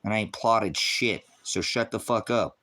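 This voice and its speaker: A man's voice: fairly low pitch, unhurried, pushed and bright. A middle-aged man ranting on a livestream, heated, profane and confrontational, lecturing his viewers and the chat directly. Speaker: livestream host. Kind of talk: livestream rant.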